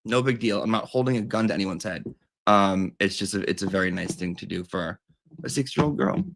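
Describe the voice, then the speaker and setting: A man's voice: fairly low pitch, lively intonation, brisk, creaky, fairly bright tone. Gossipy, sassy man on a comedy stream. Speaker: comedic livestream host in teacher persona. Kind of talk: chatty comedy livestream.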